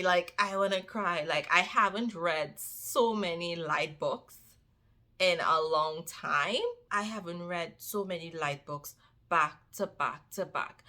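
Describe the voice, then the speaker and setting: A woman vlogger chats casually to her viewers at an unhurried, lingering pace. Her voice is bright and forceful, and she stresses points by repeating phrases. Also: fairly low pitch. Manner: animated, repeats phrases for emphasis, addresses viewers as y'all. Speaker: book vlogger. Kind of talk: casual chat to camera.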